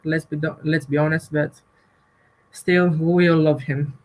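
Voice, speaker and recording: A man's voice: fairly high pitch, little pitch movement, a little slow, darkish tone, low-quality recording. A man from Greece, calling in to a fan show, speaking hesitantly and searching for words over an online call. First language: Greek. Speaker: caller. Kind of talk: call-in chat. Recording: online call with connection dropouts.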